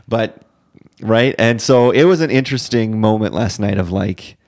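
A man in his thirties, a father, telling a rambling, animated story in casual chat. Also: on the low side, moderate pace.

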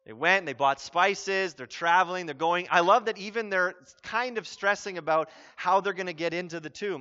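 Male pastor, high bright voice, conversational sermon with emphatic peaks, muffled lo-fi audio. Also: normal speed, hardly any pauses. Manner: conversational, grows emphatic and loud when stressing points.

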